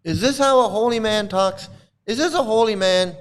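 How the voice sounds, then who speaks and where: A man's voice: high-pitched, moderate pace. A man hosting a livestream and ranting to his chat in heated, indignant commentary, often repeating himself. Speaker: livestream host.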